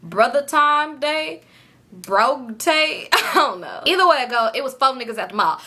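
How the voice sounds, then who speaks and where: A young woman, telling a story to her viewers in an animated, profane, casual way. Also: a little high, fairly quick. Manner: animated, profane, quotes people in lively voices.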